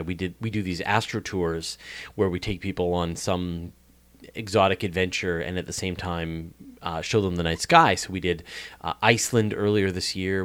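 A man with a Canadian accent, an astronomy podcast host, answering interview questions in an enthusiastic, rambling way with many restarts. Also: low voice.

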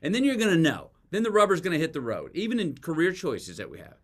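A very animated man with a fairly high voice talks fast while being interviewed about his work as an author. Casual and folksy, he spins stories and voices the lines he quotes.

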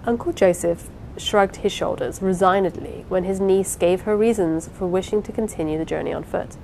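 A woman narrating an audiobook in a measured, expressive reading with occasional pauses. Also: fairly low pitch, vocal fry, a little hiss or hum, low-quality recording. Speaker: audiobook reader. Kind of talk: unhurried amateur audiobook narration.

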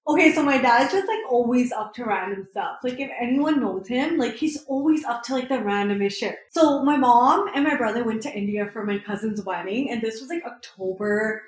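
A young woman with a high voice tells a rambling story, leaning on "like" and "right?" at every turn. She sounds relaxed and chatty. The room around her has a noticeable echo. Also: a little fast, hardly any pauses. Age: 20s. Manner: rambling, heavy use of "like" and "right?". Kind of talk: casual chat, storytelling. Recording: roomy echo.

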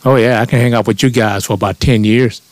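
A man's voice: mid-range voice, steady tone, fast talker, no echo. A man telling a rambling comic monologue in a profane, offhand way.

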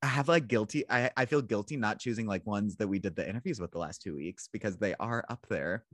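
A man's voice: on the low side, quick pace, a bit bright, no echo, clean studio sound. A man co-hosting a podcast, chatting casually and joking around. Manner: playful, jokey. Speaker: podcast co-host.

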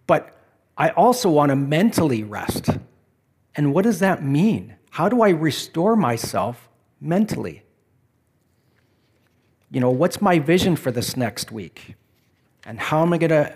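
A man's voice: a little high, darkish tone. A man preaching a sermon in a conversational, reflective way, asking the listeners questions. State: back pain.

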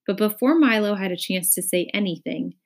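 A woman reading a children's book aloud with expressive storybook narration. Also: medium pitch, brisk, vocal fry.

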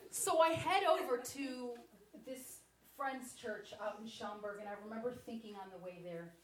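A woman giving a sermon-style personal testimony, telling her story in a lively way with chatty asides to the audience. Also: a little high, normal speed, slight background noise. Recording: echoey hall, mic at a distance.

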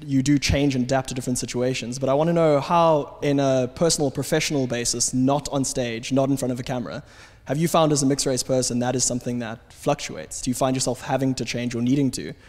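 A man's voice: mid-range voice, fairly even intonation, fast, darkish tone. Hesitant young man asking, reverberant hall. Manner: hesitant, long wordy question with fillers. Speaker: audience member asking a question. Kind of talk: asking a question at a Q&A.

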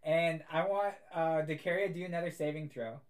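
This is a young adult game master narrating a tabletop game among friends. The delivery is casual and amused and full of little fillers, and the pitch sits in a middle range. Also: fairly even intonation, a little fast.

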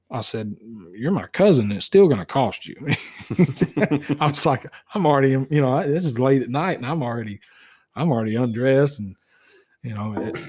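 Husky man telling a story. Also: mid-range voice. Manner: folksy, acts out both sides of phone calls. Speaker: guest, deer tracker. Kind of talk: casual storytelling.

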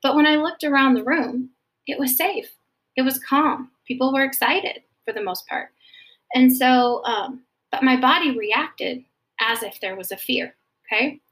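A woman counselor explaining anxiety gently, often checking in with "okay?", then reading scripture. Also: sits high, measured pace. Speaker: Christian counselor teaching about anxiety. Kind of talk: faith-based teaching talk.

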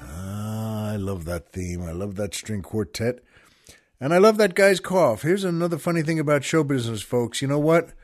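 A man's voice: mid-range voice, animated, moderate pace, a little mellow. An older man hosting a podcast, telling a rambling, self-amused anecdote in a casual storytelling monologue and laughing along as he goes. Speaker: podcast host.

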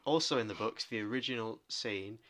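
A man co-hosting a podcast, retelling things in a rambling, animated way. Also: on the low side, brisk. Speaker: podcast co-host. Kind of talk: casual chat.

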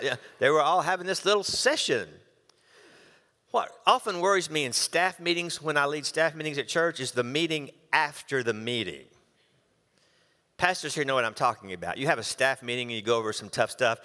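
A pastor preaching a sermon, animated as he reads scripture and acts out the quotes. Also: mid-range voice, moderate pace, in a large hall. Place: church.

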